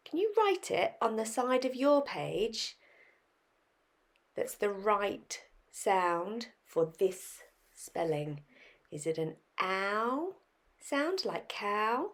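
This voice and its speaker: A woman's voice: on the low side, very animated, takes it slowly. A woman teaching a phonics lesson to young children, sounding out words and asking questions. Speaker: primary school teacher.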